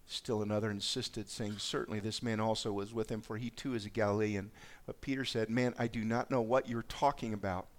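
A man's voice: on the low side, steady tone, a little fast, few pauses. A man preaching a sermon, reading scripture aloud and reflecting on it in a conversational way. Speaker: pastor.

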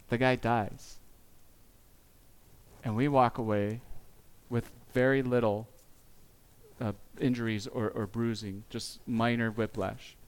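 A man giving a sermon as pastor, speaking earnestly and confessionally, with pauses and small restarts. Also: mid-range voice, clear, resonant tone.

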